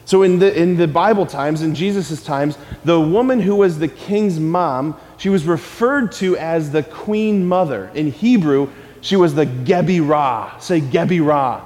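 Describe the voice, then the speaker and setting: A man preaching a lively sermon in a church, calling on his listeners to answer back. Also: on the high side, a little slow, long reverb tail. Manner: energetic, calls on the audience to respond.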